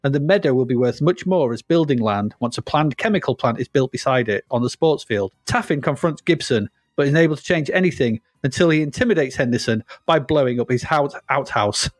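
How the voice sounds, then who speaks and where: A man's voice: medium pitch, expressive, fairly quick, few pauses, dry recording. Chatty man, dry close sound. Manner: rambling, laughs often, reads plot summaries aloud. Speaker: podcast co-host. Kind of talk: casual chat.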